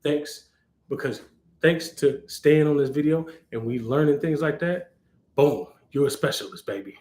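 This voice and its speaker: An animated, playful man hosts a live tech Q&A. He keeps the talk loose and acts out little scenes along the way. His voice sits a bit high for a man, and the room adds a clear echo. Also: unhurried. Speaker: cloud architect hosting a live Q&A. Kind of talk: casual livestream talk. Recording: roomy echo.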